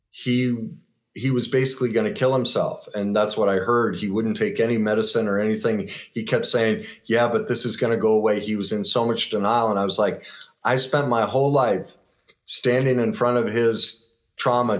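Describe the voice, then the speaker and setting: A middle-aged man with a low-pitched voice tells a personal story as an interview guest. He is earnest and reflective, pausing and restarting as he goes.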